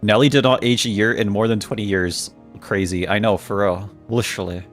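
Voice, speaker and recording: A man's voice: on the low side, steady tone, fairly quick, faint music behind. A man streaming a video game, joking with chat, laughing often and reading the game's dialogue aloud. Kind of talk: casual gaming stream commentary.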